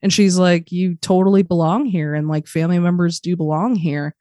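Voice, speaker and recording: A woman guest on a podcast, telling her story candidly in casual chat, swearing freely and speaking quickly. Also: lowish voice, steady tone, warm tone, no room sound, clean studio sound.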